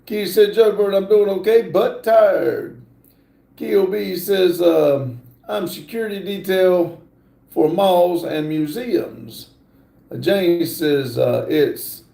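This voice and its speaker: Middle-aged man, livestream host, slow drawl, gravelly, reads comments. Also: sits high, dark tone, echoey room. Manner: slow, drawling, reads chat aloud with many fillers. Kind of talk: casual livestream chat reading comments.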